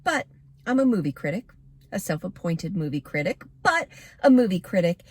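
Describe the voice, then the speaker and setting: A woman's voice: fairly low pitch, very animated, moderate pace, husky, dry recording. A woman giving a casual, candid movie review to camera, chatty with plenty of fillers.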